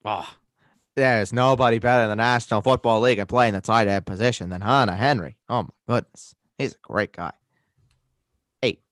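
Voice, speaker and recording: A man's voice: medium pitch, fast talker, few pauses, a bit bright, no room sound, clean studio sound. A man co-hosting a fantasy football podcast, chatting casually and hamming up a folksy put-on Minnesota accent. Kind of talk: casual chat.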